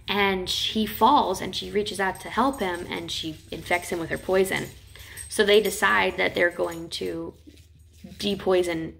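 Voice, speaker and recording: Chatty woman teacher with vocal fry. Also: mid-range voice, fairly bright tone. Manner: chatty, retells stories with quick acted quotes. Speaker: literature teacher. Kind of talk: casual classroom lecture.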